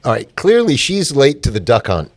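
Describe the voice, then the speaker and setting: An opinionated man ranting, lively pitch. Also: normal speed, slight background noise. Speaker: podcast host. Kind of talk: casual chat.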